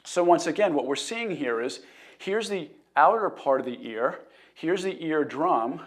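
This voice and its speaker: A man's voice: fairly high pitch, expressive, unhurried. A middle-aged man hosting a live health talk, telling a patient story in an earnest way and greeting viewers. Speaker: chiropractor host.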